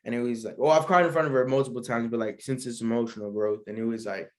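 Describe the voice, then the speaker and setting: Young guy w/ aave just chatting on his solo podcast, mid pitch, rambly and chill. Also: fairly even intonation, fast. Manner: laid-back, rambling, slangy, laughs often. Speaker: podcast host. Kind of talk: casual solo podcast chat.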